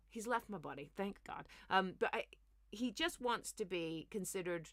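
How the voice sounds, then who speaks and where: A woman's voice: medium pitch, normal speed, no echo. Sarcastic woman ranting about the news. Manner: animated, sarcastic, ranting asides. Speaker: comedian host. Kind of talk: comic news commentary.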